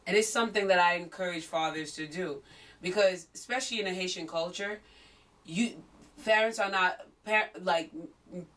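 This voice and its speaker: A woman interviewing a guest, playful and teasing, warmly encouraging him. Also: on the low side, moderate pace, far from the mic. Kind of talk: casual interview chat.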